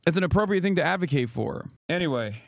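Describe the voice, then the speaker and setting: Man in his 30s, heated profane streamer rant, higher-pitched voice, dry close mic. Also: expressive, quick pace, gravelly, no echo. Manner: angry, profane, sarcastic. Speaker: political streamer.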